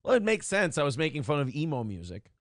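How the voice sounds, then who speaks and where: A man's voice: on the high side, fast, no room sound, studio quality. A man co-hosting a streamed talk show, chatting in loose, profane banter and slipping into joke voices. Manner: animated, swings into jokey put-on voices.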